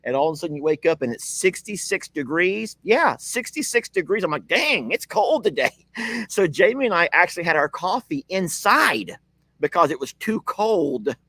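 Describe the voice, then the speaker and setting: A man talks casually to his live-stream viewers from outdoors on a ranch. His slightly high voice rises and falls a lot as he chats. He laughs things off easily and calls out to his dogs, and the sound is dry and close. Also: lively intonation, normal speed, pushed and bright, dry recording. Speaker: ranch vlogger hosting a live video.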